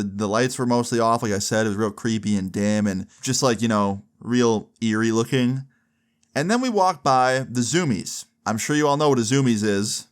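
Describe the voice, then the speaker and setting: A young man in his twenties telling a comic story in a casual, animated way, with frequent swearing. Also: mid-range voice, clear, resonant tone.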